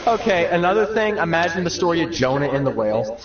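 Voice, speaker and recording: A young man rambles through comic bits as he streams, his voice lively and bouncing up and down. He sits a little high, and the sound is muffled and roomy, as if he is some way from the mic. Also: fairly quick, recorded from a distance. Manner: animated, rambling storyteller. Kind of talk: casual comedic riffing.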